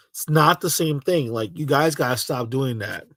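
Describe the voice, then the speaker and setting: A man giving casual, halting reaction commentary on a clip, scoffing and repeating himself. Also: medium pitch, expressive, a bit bright, no room sound. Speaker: reaction streamer.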